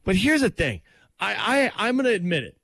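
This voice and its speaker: Animated man chatting, lively pitch. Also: fairly quick, dry recording. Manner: animated, excitable storytelling. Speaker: co-host. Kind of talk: casual chat.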